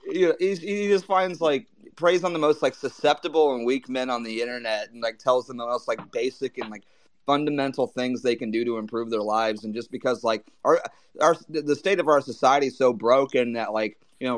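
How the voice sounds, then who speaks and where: A man's voice: medium pitch, a little fast. A man co-hosting a casual podcast chat, heated and mocking, swearing often and filling gaps with "like". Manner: profane, heated and mocking, with many fillers.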